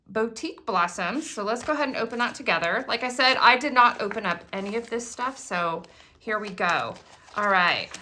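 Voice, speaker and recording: A middle-aged woman chatting casually and excitedly as she unboxes new craft products for viewers. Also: mid-range voice, slight background noise.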